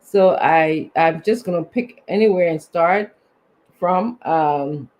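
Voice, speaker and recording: A man's voice: on the high side, takes it slowly, highs cut off. A man, co-hosting a live show and reading out viewers' names, sometimes stumbling over them. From Liberia. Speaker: co-host.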